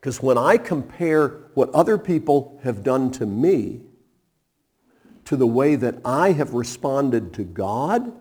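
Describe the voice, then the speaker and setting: A man preaching a sermon, retelling a parable with animated storytelling and acted-out voices. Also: medium pitch, slow pace, slightly rough. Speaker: pastor.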